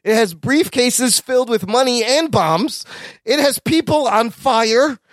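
A man co-hosting a casual movie review podcast, talking excitedly, swearing freely and acting out lines from the film. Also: very high voice, a little slow, dry recording, studio quality. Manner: excited, swears a lot, acts out quoted lines. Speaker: podcast co-host.

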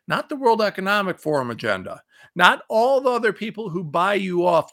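A man's voice: high-pitched, sing-song, moderate pace, a bit bright. A man hosting a political commentary show, ranting angrily and reading out quotes between insults. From Ohio. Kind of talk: fired-up political commentary monologue.

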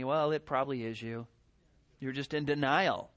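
A middle-aged man preaching a sermon as pastor, animated, with rhetorical questions and mimicked voices. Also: a little high, moderate pace.

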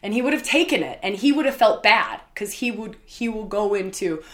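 A woman's voice: medium pitch, lively intonation, fairly quick, a bit bright. A woman host telling a candid personal story in a casual, emphatic way, with many fillers and repeated words. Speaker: podcast host.

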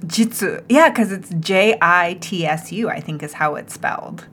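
A woman's voice: fairly low pitch, lively intonation, moderate pace, a bit bright, slight background noise. A woman with an American accent co-hosting a podcast in casual chat, mixing Japanese into her English. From United States. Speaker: podcast co-host.

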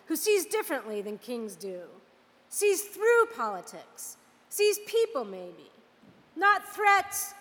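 A woman preaching a lively, conversational storytelling sermon. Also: high-pitched, in a large hall.

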